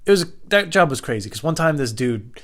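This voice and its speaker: A man's voice: a little high, big pitch swings, brisk, fairly bright tone. A young man hosting a podcast, telling a comic personal story in a rambling way, full of profane, self-mocking asides. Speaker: podcast host.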